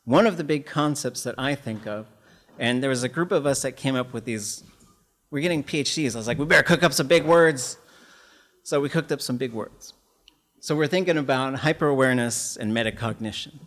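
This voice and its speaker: Male professor from Alaska, earnest lecture voice, tells personal stories, bursts louder at times. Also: mid-range voice, fairly quick. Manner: earnest storytelling, lively with sudden loud bursts. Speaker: language professor giving a lecture.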